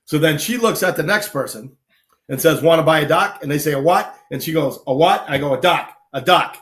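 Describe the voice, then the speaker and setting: A man, casually telling lively army anecdotes on a live talk show and acting out the people he quotes. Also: fairly high pitch, a little fast. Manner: animated anecdotes, acts out quoted people, laughs often. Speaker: guest storyteller, army veteran.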